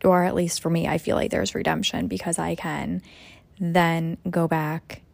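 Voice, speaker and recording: Gravelly-voiced young mom rambling reflectively. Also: female voice, lowish voice, steady tone, a little slow, darkish tone, no echo. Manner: rambling, reflective, many "you know" fillers. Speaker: podcast host, mother. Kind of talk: casual solo podcast monologue.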